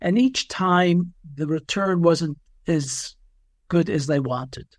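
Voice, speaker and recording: Middle-aged guy, a bit high voice, dry close mic, telling stories slow and careful. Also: no echo. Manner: measured, anecdotal, stumbles on words. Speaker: ethicist and physician doing assessments. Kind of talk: conversational storytelling.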